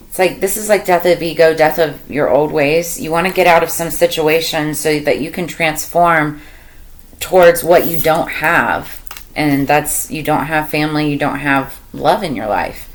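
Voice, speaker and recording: Low-voiced woman giving a casual tarot reading. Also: normal speed, poor audio. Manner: meandering, thinks aloud with many fillers. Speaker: tarot reader.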